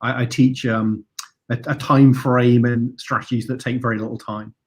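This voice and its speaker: This is a man being interviewed over a video call as a trading coach. He speaks hesitantly, often restarting and repeating words. His voice sits at an average pitch for a man. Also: little pitch movement, normal speed.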